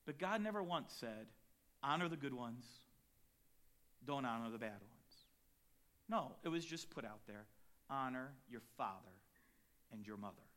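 A man preaching a sermon as pastor, dynamic, shifting between quiet reflective lines and loud emphatic ones, telling personal stories with acted-out quotes. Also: medium pitch, lively intonation, measured pace, pauses often. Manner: storytelling with acted quotes and chuckles.

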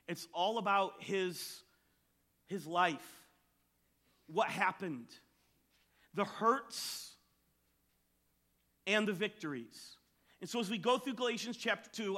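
A man's voice: high-pitched, fairly bright tone. A male pastor giving a sermon to his church in an emphatic storytelling style.

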